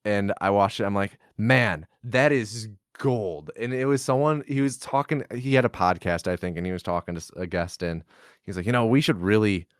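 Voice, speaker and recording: A man's voice: on the low side, fast talker, clean tone, dry recording. A man who is a guest on a podcast, talking casually with a dry, laid-back delivery.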